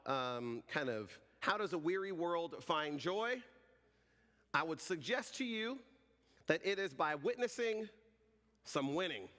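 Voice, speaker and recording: Pastor, male, 40s, lively jokey storyteller, slightly high voice, long hall reverb. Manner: animated, joking storyteller. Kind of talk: sermon.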